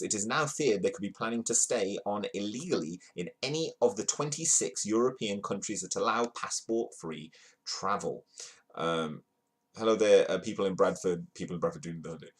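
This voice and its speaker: A man's voice: fairly low pitch, husky. A man hosting a livestream, reading news headlines aloud in a casual, playful way and greeting chat viewers between stories. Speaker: livestream host. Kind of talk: casual news read-through with jokey asides.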